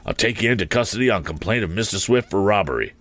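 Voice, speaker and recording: A steady middle-aged balloonist, acted by a man reading aloud, who lays down the law in a firm, commanding tone. His voice sits a little above the narrator's own low register and stays level and sure, like a lawman in a storybook. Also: fast. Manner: firm, commanding, matter-of-fact.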